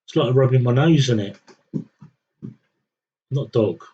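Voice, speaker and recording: Husky man, wry stream chat. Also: mid-range voice, measured pace, dark tone, lo-fi sound. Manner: wry, self-mocking, chatting to himself. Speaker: game streamer. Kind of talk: rambling live-stream commentary.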